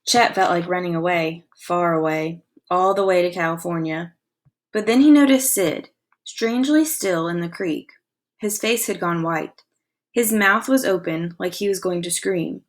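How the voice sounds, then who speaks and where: A woman teacher reading a novel aloud to her class with expressive storytelling, pausing to ask comprehension questions. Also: lowish voice. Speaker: elementary school teacher.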